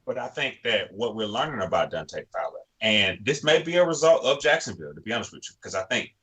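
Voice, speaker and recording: A man co-hosting a sports podcast, animated, acting out players' thoughts and often saying "to be honest with you.". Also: lowish voice, quick pace. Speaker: podcast co-host. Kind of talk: casual sports podcast talk.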